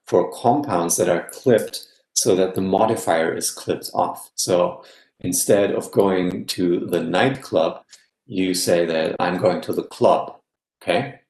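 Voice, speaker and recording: Male guest lecturer, lowish voice, patient explainer, echoey room. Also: takes it slowly, darkish tone. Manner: explanatory, checks in with frequent "yeah?". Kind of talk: academic lecture.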